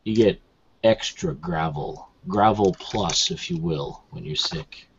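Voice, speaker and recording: Sick man with a gravelly low voice. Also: takes it slowly, dull audio, a little hiss or hum. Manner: laughs a lot, playful. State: sick, hoarse. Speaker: live commentary host. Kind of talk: casual live-stream chat.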